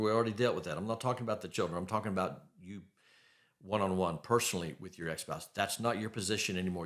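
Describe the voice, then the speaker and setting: A middle-aged man hosting a faith-based advice podcast, speaking bluntly and emphatically and repeating his key phrases. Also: lowish voice. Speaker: podcast host.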